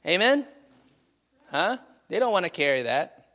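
A man's voice: high-pitched, sing-song, measured pace, a bit bright. A man preaching a sermon as pastor, with frequent call-and-response and light laughter. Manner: call-and-response, asking "Amen?" and laughing often.

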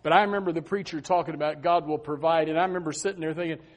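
A high-voiced man delivers a sermon. He tells personal stories with animated emphasis and circles back to repeat his key words. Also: racing. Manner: animated storytelling, emphatic repetition. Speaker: preacher.

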